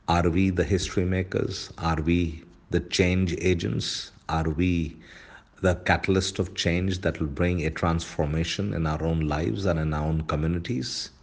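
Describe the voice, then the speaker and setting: A man with a very low, deep voice leads a morning devotion for his church. He preaches in a measured, earnest way, slowing down to read scripture and hymn lines, and clears his throat now and then. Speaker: pastor. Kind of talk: devotional sermon.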